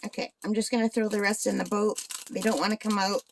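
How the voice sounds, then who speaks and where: A woman's voice: medium pitch, little pitch movement, quick pace, gravelly, a little hiss or hum. A woman in her forties from northern Ontario, Canada, chatting casually and rambling while she works on a craft. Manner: chatty, rambling, asks viewers questions. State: hiccups. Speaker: crafting channel host.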